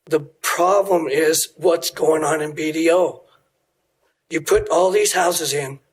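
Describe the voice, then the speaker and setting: Hoarse middle-aged resident, raspy and slightly high, blunt public commenter at the mic. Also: male voice, takes it slowly. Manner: blunt and pointed, firing off questions. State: hoarse, losing his voice. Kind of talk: public comment at a city meeting.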